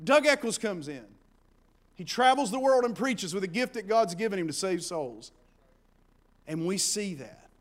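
High-voiced folksy preacher. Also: male voice, moderate pace. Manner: folksy, animated preaching with shouted peaks. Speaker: pastor. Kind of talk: sermon.

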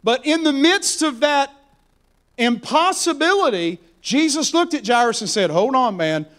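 High-voiced preacher man, dramatic sermon. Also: expressive, measured pace. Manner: dramatic, swings from hushed whispers to loud exhortation.

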